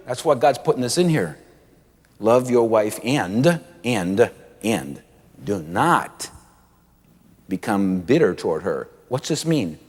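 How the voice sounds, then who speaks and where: A man preaching a sermon with animated delivery, acting out quoted voices and drawing out key words. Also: on the low side, slow pace, pauses often, breathy edge, in a large hall.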